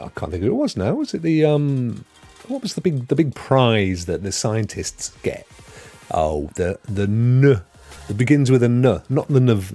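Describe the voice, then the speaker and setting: A man with a mid-range, dark-toned, slightly rough voice hosts a live gaming stream. He chats casually and rambles with jokes, greeting chat viewers by name.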